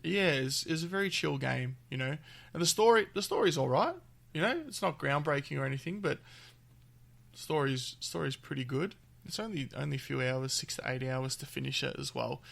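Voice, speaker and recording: A man's voice: mid-range voice, a little fast, gravelly, a bit bright. A man co-hosting a gaming podcast, chatting in an easygoing way and chuckling often. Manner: easygoing, chuckles often, trails off mid-thought. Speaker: podcast co-host. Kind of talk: casual chat.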